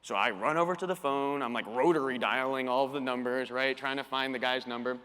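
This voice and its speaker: A man giving a storytelling keynote talk at a conference, animated and acting out the quoted dialogue. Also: mid-range voice, fairly quick, clear, resonant tone. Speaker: conference speaker. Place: conference hall. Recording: long reverb of a conference hall.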